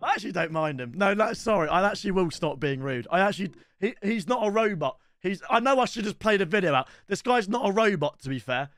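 A young man, hosting a gaming channel in an excitable, bantering, chatty way. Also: high-pitched, fast, few pauses, no room sound, studio quality. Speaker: video game channel host. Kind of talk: casual gaming commentary.

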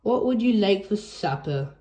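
A woman voicing a calm, practical mother pig in a storybook, sounding matter-of-fact. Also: medium pitch, measured pace, close to an everyday voice. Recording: roomy echo.

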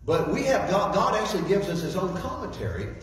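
A man's voice: high-pitched, wildly swooping pitch, a little fast. A man preaching a sermon as a guest speaker, repeating key phrases and reading scripture aloud. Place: church sanctuary. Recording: echoey hall, voice from far off.

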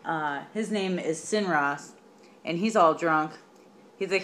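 A young student giving a casual retelling of a story for a class assignment, hesitant and slangy with lots of fillers. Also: female voice, on the low side, takes it slowly, noisy background. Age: young adult.

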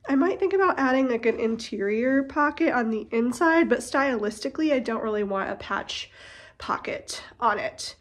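A woman's voice: a little high, normal speed. Stuffy-nosed woman chatting casually. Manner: chatty, relaxed, with frequent "like" and "um". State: nasal, stuffy from a cold. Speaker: vlogger. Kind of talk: casual chat.

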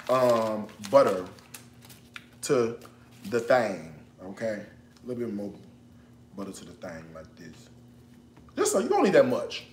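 A man's voice: mid-range voice, reverberant, slight background noise. A man hosting a casual cooking livestream, chatty and joking, breaking into laughter as he talks. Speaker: cooking show host.

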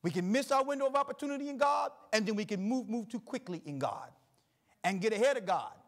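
Male pastor, middle-aged, very high voice, preaches with emphatic repetition. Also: lively intonation. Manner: preaching with rising emphatic repetition, reading scripture slowly. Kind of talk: sermon.

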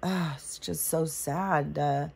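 A woman's voice: low voice, fairly even intonation, slow pace, vocal fry, breathy edge. A woman vlogger in a casual spiritual monologue, rambling and swearing often.

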